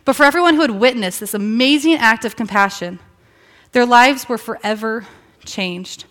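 A woman's voice: a little high, a bit bright. Woman pastor preaching a sermon. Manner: storytelling, emphatic pauses and rhetorical questions.

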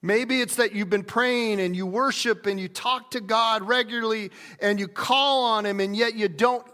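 High-voiced man preaching in a reverberant hall. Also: steady tone, moderate pace, sharp tone. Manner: conversational preaching with restarts and acted quotes. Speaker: pastor. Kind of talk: sermon.

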